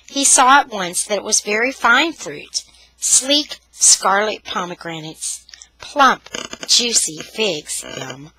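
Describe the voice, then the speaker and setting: A woman storyteller reading a novel chapter aloud in an expressive, dramatic way. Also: fairly high pitch, breathy edge, rough recording. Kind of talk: scripted narration.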